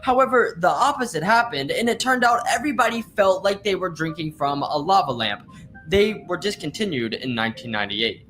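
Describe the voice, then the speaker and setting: A man's voice: sits high, lively intonation, brisk, a bit bright. Enthusiastic male fact narrator over music.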